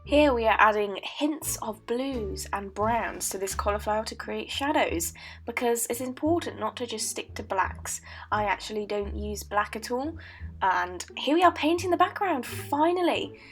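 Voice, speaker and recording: A woman's voice: on the high side, animated, normal speed, faint music behind. Playful teen girl, mock-Aussie voice-over. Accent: put-on Australian accent. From Britain. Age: late teens. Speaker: art student. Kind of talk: joking voice-over narration. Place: voice-over recorded at home.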